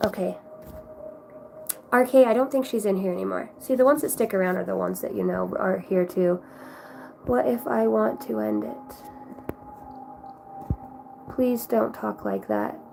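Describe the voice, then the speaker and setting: A woman reading tarot cards on a live stream, talking in a warm, rambling, affectionate way and shifting between guidance and chat with viewers. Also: medium pitch, expressive, measured pace, vocal fry, long pauses, slight background noise, poor audio. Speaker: tarot card reader.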